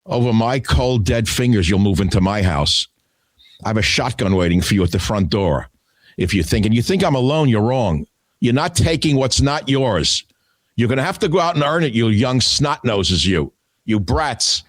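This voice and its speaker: A man's voice: on the low side, lively intonation, moderate pace, no room sound. An older man hosting a talk radio show, delivering a combative, scornful solo monologue. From United States.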